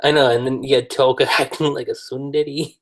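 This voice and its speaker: A podcast guest chatting casually in a relaxed way. The speech is full of fillers, with laughter mixed in, and the pitch sits at a middle level. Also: a little fast. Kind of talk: casual chat.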